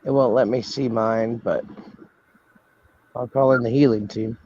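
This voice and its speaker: A man's voice: medium pitch, fairly even intonation, a little slow, mellow, dull audio, a little hiss or hum. A man joining a live stream remotely, easygoing and laughing often as he chimes in. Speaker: call-in guest.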